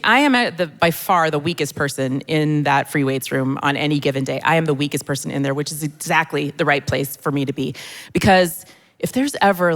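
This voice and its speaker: A middle-aged woman performing self-deprecating stand-up comedy on a church hall stage, chatty and conversational. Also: low-pitched. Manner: self-deprecating, conversational, pausing for audience laughs. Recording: long hall reverb.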